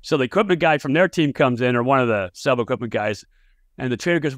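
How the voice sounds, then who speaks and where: A man's voice: medium pitch, quick pace, dry recording, studio quality. A man hosting a sports podcast, chatty and telling stories as he interviews a coach. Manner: chatty storyteller, animated when telling a tale. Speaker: podcast host and analyst. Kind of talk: casual interview with anecdotes.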